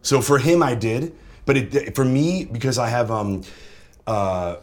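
A man talking as a comedian guest in casual chat, with a stuffy, nasal voice and halting speech. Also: medium pitch, lively intonation, a little mellow. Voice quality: stuffy, nasal, as if he has a cold.

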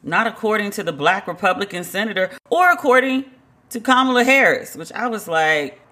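Woman podcast host, sharp bright tone, casual storytelling monologue, chatty and incredulous. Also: mid-range voice, normal speed. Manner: chatty, lots of "like" fillers, incredulous asides.

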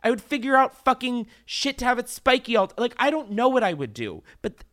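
A woman's voice: a little high, big pitch swings, fairly quick, fairly bright tone. A woman in her late twenties, a guest comedian in casual chat, rambling and swearing freely. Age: 20s. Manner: rambling, profane, laughing easily.

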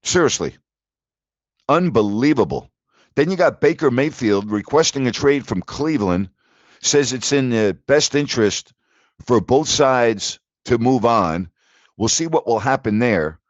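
A man's voice: medium pitch, a little slow, no room sound, lo-fi sound. A man hosting a sports talk show, ranting in disbelief about the latest league news. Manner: animated, incredulous ranting. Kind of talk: sports talk radio monologue.

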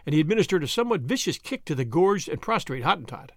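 A man reading a novel aloud as first-person storyteller, in a steady narrating manner. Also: a little high, fast, hardly any pauses, dry recording, clean studio sound. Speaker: audiobook narrator.

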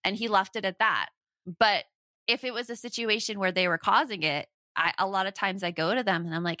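A woman co-hosting a parenting podcast, explaining her views in an earnest, gentle way. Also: medium pitch, a little fast, dry recording. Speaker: podcast co-host. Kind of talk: casual parenting chat.

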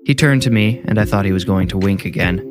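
Man, horror story narrator, low voice, steady measured reading. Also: music in the background.

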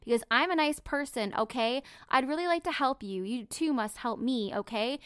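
A woman reading out the lines of a furious woman interrogator, hectoring and repeating shouted demands. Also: high voice, normal speed, smooth, no echo, clean studio sound. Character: shrill, furious woman interrogator, accusing and bullying.

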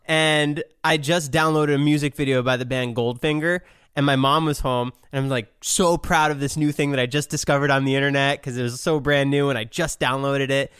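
A man hosting a podcast in casual chat, joking and quick to laugh. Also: mid-range voice, steady tone, fairly bright tone, clear, resonant tone, no room sound, clean studio sound. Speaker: podcast host.

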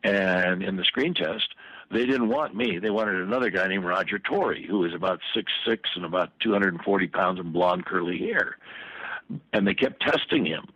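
A man's voice: sits low, moderate pace, sharp tone, breathy edge, no echo, highs cut off. An older man, an actor telling rambling stories as a guest in an interview, with many asides and restarts. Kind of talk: casual storytelling.

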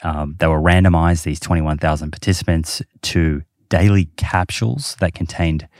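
A man's voice: deep voice, steady tone, normal speed, darkish tone, no room sound, studio quality. A man hosting a podcast, explaining research casually with many fillers. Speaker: podcast host. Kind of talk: casual chat.

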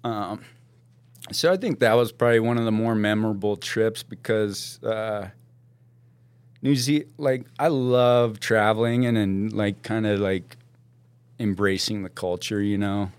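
A man spins a wild tale with real gusto, his voice sitting a bit low. He is slangy and loose, laughing through the story. The recording is close and dry, with no room sound. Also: a little slow, clean tone, no room sound. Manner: animated, laughs often, slangy, calls people "dude". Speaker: podcast guest. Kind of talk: casual storytelling.

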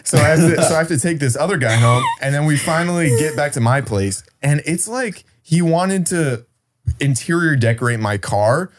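A man's voice: fairly high pitch, animated, normal speed, noisy background. A young man telling a funny story in casual chat, laughing as he goes and acting out the voices of the people in it. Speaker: guest storyteller.

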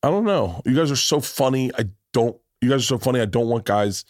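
Male podcast host, blunt and profane, mid-pitched, dry studio sound. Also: animated, fairly quick, darkish tone, no echo. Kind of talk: casual chat.

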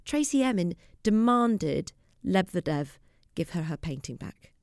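A woman's voice: fairly low pitch, very animated, measured pace, background noise. A woman playing an evasive Tory MP. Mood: earnest spin. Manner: spin-doctor politician, earnest and evasive. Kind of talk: satirical comedy sketch.

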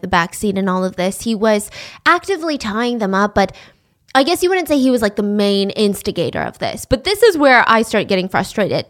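A woman hosting a podcast, telling a true-crime story in a casual, animated way and acting out the people in it. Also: medium pitch. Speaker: podcast host.

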